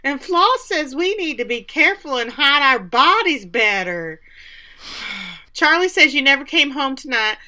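A woman's voice: a little high, pushed and bright. A woman co-hosting a casual chat, cracking jokes and reading lines aloud. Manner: wisecracking, reads lines aloud. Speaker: podcast co-host.

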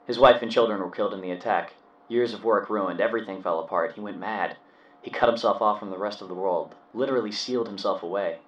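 Man reading a quiet woman advisor heard through a speaker, low even delivery, dull roomy sound from a distance. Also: quick pace, natural voice. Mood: briefing.

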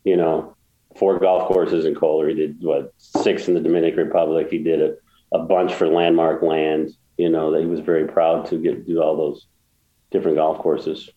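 Man, deep voice, rambling and emotional, interview guest, echoey room. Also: little pitch movement, moderate pace, dark tone, lo-fi sound. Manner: rambling, many restarts, emotional. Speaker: guest, golf course builder. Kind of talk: casual storytelling interview.

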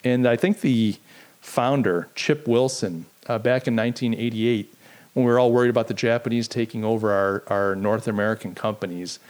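Answering his live chat on a streamed podcast, a middle-aged host rambles and pokes fun at himself in easy, casual talk. He speaks at a medium pitch with a slightly mellow quality.

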